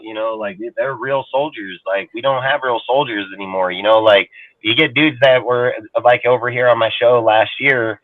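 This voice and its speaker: Dude ranting football over a tinny phone line, swears a ton, dry sound. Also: male voice, mid-range voice, fairly even intonation, moderate pace, no echo. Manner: profane, rambling, heated. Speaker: guest on a sports talk show. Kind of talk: casual sports talk.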